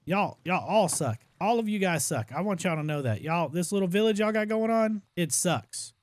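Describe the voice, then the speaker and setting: A man's voice: sits high, moderate pace. Chatty man griping over gameplay. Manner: chatty, exaggerated complaining and excited exclamations. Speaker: gaming streamer. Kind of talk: casual gameplay commentary.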